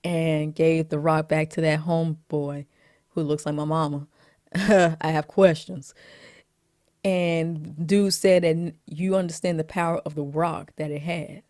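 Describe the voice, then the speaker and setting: A woman vlogger giving a casual, chatty movie recap, laughing often and filling pauses with "you know". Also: low-pitched, fairly even intonation, darkish tone, no echo, studio quality.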